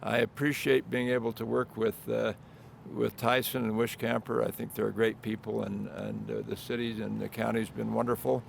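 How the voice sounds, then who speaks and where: An older man giving informal remarks at an outdoor groundbreaking, reminiscing in a halting way with many restarts. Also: fairly low pitch, flat delivery, creaky, a little hiss or hum. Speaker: property developer speaking at event.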